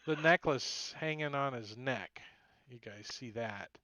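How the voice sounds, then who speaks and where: A man's voice: mid-range voice, measured pace, bright, forceful tone, no room sound. Loose, laughing male game master. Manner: loose, laughing, swears, adds sound effects. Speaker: dungeon master. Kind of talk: narrating a tabletop game, casual.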